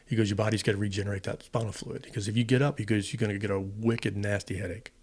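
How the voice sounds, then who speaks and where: A man's voice: fairly low pitch, level tone, fast, a little mellow. A middle-aged American man, a former fighter pilot, casually telling a long personal story in an interview and acting out both sides of the dialogue. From United States. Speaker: podcast guest, retired fighter pilot.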